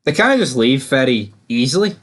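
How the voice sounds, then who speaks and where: A man's voice: mid-range voice, sing-song, normal speed, fairly bright tone. A man co-hosting a casual TV episode review, swearing freely and acting out characters' lines as he recaps. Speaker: podcast co-host.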